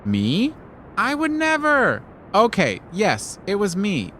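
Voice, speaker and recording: A small, cheeky trickster spider, put on by a male storyteller, chirps in a voice pitched well above the narration. It leaps up and down in pitch, all eager innocence. A bedtime storybook character. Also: huge pitch swings, takes it slowly, pushed and bright, slight background noise, exaggerated voice. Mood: mock-innocent. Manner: high, eager, mock-innocent.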